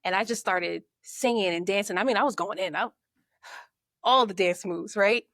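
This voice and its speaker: A woman speaks as a guest on a podcast, recounting her past with energy and voicing her own inner thoughts as she goes. Her voice sits at an ordinary middle pitch for a woman. The recording is dry and close, with no room echo. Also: moderate pace. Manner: lively storyteller who acts out her own inner thoughts. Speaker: podcast guest, marketing coach. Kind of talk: conversational storytelling.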